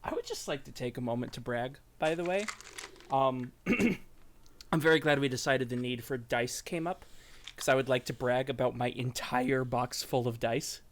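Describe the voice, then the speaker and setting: A man's voice: medium pitch, normal speed. A young man from Illinois co-hosting a casual podcast chat, joking and laughing often. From Illinois, USA. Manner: giggly, joking, laughs a lot. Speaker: podcast co-host.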